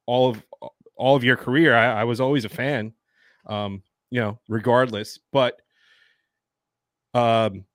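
A man's voice: mid-range voice, fairly even intonation, no echo. Hesitant man host, dry sound. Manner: halting, many fillers and restarts, fan-like. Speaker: podcast host. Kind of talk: casual chat.

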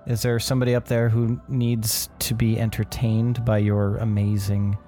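A man's voice: fairly low pitch, monotone, normal speed, dark tone, soft background music, close to an everyday voice. A man doing a sneering, pretentious sorcerer. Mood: scornful. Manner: sneering and dismissive. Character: pretentious, scornful male sorcerer.

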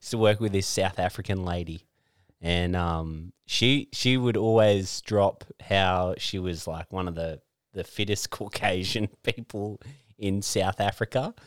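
A man's voice: low-pitched, measured pace, clear, resonant tone, no room sound, studio quality. A man on a podcast as a comedian guest, laid-back and crude, swearing and laughing often.

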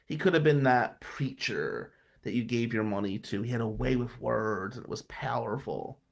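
A man's voice: medium pitch, moderate pace, vocal fry. A man in a mid range voice tells a personal story on his podcast. He talks dramatically and slips into different voices to act out what his relatives said. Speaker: podcast host.

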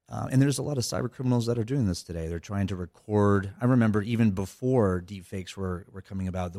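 A man's voice: low-pitched, mellow, no room sound, clean studio sound. A man talking as a guest on a podcast interview, rambling with many fillers and restarts. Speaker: cybersecurity guest. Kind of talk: casual interview talk.

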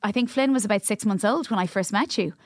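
A woman's voice: medium pitch, quick pace, no echo, studio quality. A woman hosting a casual chat, asking friendly questions and laughing often. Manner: warm, chatty interviewer who laughs often. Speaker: host.

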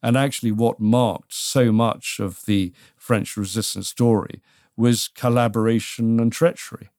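A British man co-hosting a casual history chat, telling it in a measured, dryly wry way. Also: medium pitch, fairly even intonation, darkish tone, dry recording, clean studio sound. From Britain.

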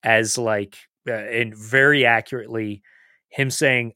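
A man's voice: medium pitch, a little slow, dry recording. A man co-hosts a casual chat, his voice sitting in a middle register. He tells stories with energy and slips into acted-out quotes. The sound is dry and close. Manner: animated storytelling, acts out quotes. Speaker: podcast co-host.

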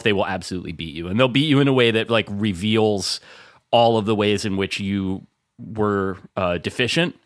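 A man's voice: on the low side, a bit bright, no echo, clean studio sound. A man co-hosting a podcast, trading wry jokes in casual chat. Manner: wry, joking banter. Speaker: podcast co-host.

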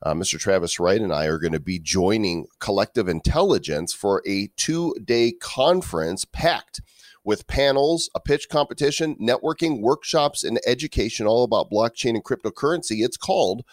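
A lower-voiced man co-hosting a podcast in a playful, jokey way. His voice is close and dry, with no room sound. He talks in a loose, punning banter. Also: animated, moderate pace, dry recording. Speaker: podcast co-host. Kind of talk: casual comedic podcast chat.

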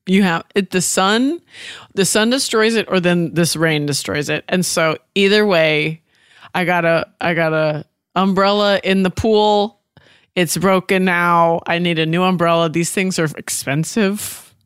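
A woman co-hosts a podcast, chatting in a wry, lively way and laughing along with the others. Her voice is clear and smooth at a middle pitch. The recording is close and dry. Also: a little slow, dry recording. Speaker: podcast co-host. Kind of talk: casual chat.

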